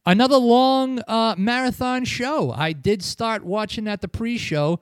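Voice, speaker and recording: A man's voice: very high voice, unhurried, clear, resonant tone, no echo, studio quality. A man hosting a casual podcast chat, telling a long rambling story full of swearing and chuckles. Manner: profane, rambling, chuckles often. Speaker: podcast host.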